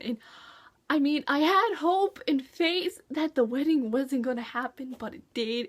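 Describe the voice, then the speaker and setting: A woman talking casually about a book she read, gushing and excitable, acting out her own reactions as she goes. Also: high voice, moderate pace. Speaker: book reviewer. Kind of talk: casual chat.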